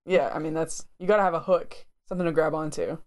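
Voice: medium pitch, fairly even intonation, fast talker, smooth. A podcast co-host who chats playfully, laughs easily and explains things at length. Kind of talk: casual chat.

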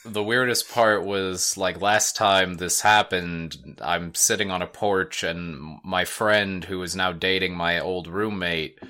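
Bright-toned man in profane casual chat. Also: deep voice, fairly even intonation, takes it slowly, hardly any pauses. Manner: rambling, profane, laughs often. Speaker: podcast co-host. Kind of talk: casual chat recapping an anime.

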